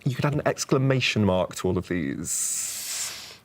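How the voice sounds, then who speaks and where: Woman, quiz contestant, deep low voice, chatty, upbeat, studio. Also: animated, a little slow, no room sound, soft background music. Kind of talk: casual team discussion.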